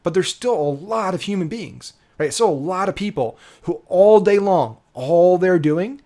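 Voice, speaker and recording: A man's voice: high-pitched, lively intonation, unhurried, dark tone. A man giving a casual, emphatic marketing lesson, often checking in with "right?" and swearing casually. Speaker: digital marketing coach. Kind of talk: casual instructional talk.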